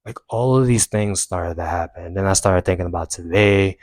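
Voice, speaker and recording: A young man earnestly recounting a personal story to camera, rising with emphasis and dropping quiet when he reflects. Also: sits low, normal speed, dry recording. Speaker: self-help vlogger.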